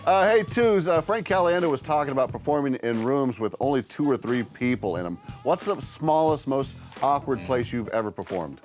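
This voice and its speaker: A man's voice: medium pitch, animated, moderate pace, hardly any pauses, darkish tone, soft background music. A man hosting a radio show, moving the talk along and tossing questions to his co-hosts. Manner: upbeat, tosses questions to others. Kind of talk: casual studio chat, segment links.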